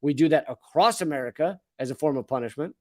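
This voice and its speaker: Speaking quickly in a higher-pitched voice, this comedian and political commentary host, a man in his forties, runs through news stories. His political monologue is comedic, sardonic and profane, with plenty of asides.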